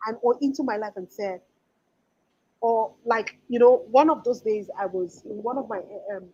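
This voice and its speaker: Husky, earnest woman giving a motivational talk. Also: fairly high pitch, moderate pace, dark tone, highs cut off. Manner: earnest and emphatic, with frequent restarts. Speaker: life coach and speaker.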